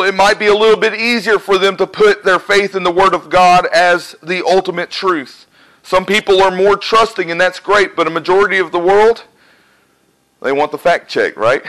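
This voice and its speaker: Male preacher, slightly high bright voice, questions the room and answers himself. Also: rough recording. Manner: asks the congregation questions and answers them. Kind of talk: conversational sermon. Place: church, live congregation.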